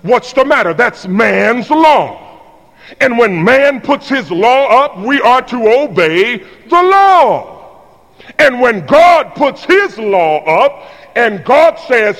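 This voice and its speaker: Animated high-voiced preacher in a reverberant hall. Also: male voice, takes it slowly. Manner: animated, plays out little scenes, calls on the congregation. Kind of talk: sermon with call-and-response. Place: large hall or church.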